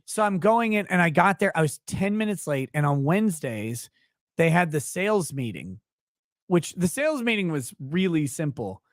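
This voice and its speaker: A tired man, yawning through a story, tells it with swearing and quick laughs. His voice sits a bit high for a man, and the sound is close and dry. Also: dry recording. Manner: animated, profane, laughs often. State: tired, yawning while talking. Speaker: podcast guest. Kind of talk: casual storytelling conversation.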